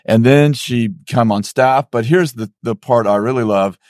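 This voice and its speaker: A middle-aged man hosts a casual conversation and keeps things playful with teasing jokes. His voice sits at a medium pitch. The recording is close and dry. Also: moderate pace, darkish tone, dry recording. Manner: playful, joking interviewer. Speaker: podcast host. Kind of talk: casual interview.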